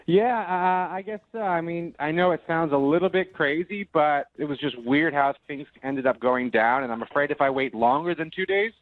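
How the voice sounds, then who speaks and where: A man's voice: on the high side, moderate pace, few pauses, no room sound. A man in his late twenties calling in to a radio show, telling his story in a sheepish, rambling way. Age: 20s. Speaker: caller. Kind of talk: phone call to a radio show. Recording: tinny phone line.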